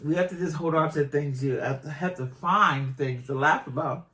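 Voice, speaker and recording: Low-pitched and a little bright, this Boston woman in her fifties talks at a moderate pace in a thick local accent. She's casually chatting on the channel she shares with her husband, teasing him and laughing a lot.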